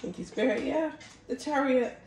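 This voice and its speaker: A woman's voice: high voice, moderate pace, over loud music. A woman giving a casual tarot reading to her viewers, chatty and often calling out to them as guys. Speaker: tarot card reader. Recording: echoey room with steady background noise.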